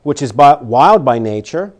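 A man preaching a sermon, reading scripture aloud and swinging between loud emphatic declarations and quiet warnings. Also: medium pitch, lively intonation, normal speed.

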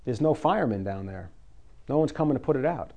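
A man's voice: mid-range voice, expressive, quick pace, a little mellow. Folksy preacher man, urgent. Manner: folksy, conversational, rises to urgent emphasis. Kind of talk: sermon with scripture reading.

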